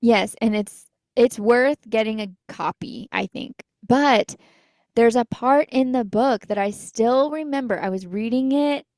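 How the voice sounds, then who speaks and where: A woman's voice: on the high side, unhurried, a little mellow, dry recording. Chatty young woman, dry close sound. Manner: chatty and enthusiastic, playful jabs. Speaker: podcast co-host. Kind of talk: casual chat.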